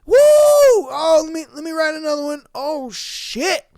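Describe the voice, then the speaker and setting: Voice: sits high, very animated, a little slow, a little mellow, dry recording, studio quality, pitched above the performer's own voice, heavily acted. A podcaster voicing a drunk man at a strip club, whooping and hollering as he writes checks. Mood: rowdy excited.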